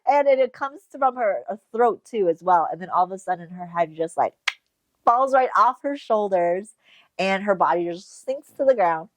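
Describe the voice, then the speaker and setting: Woman podcast co-host, casual recap, lively and profane, dry booth. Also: medium pitch, moderate pace, dry recording. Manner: animated retelling, swearing and laughing often. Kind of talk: casual book recap chat.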